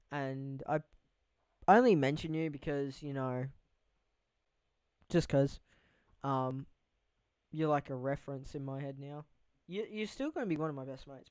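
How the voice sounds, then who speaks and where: A man's voice: medium pitch, darkish tone, clean tone, no echo, rough recording. A young man hosting a casual podcast, rambling loosely and swearing freely. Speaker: podcast host. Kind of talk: casual chat.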